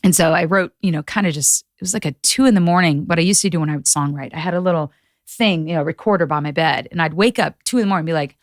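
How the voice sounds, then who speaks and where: A woman guest on a podcast, chatting casually and acting out quotes with lively voices. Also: low voice, quick pace, dry recording, clean studio sound. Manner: animated storyteller acting out quotes. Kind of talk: casual chat.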